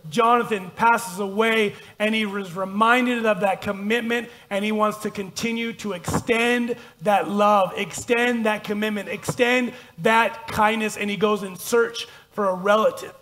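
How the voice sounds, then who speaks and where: A man's voice: high voice, steady tone, unhurried, hardly any pauses, sharp tone. A man pastor preaching a conversational, self-deprecating sermon and reading scripture aloud in a church. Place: church sanctuary.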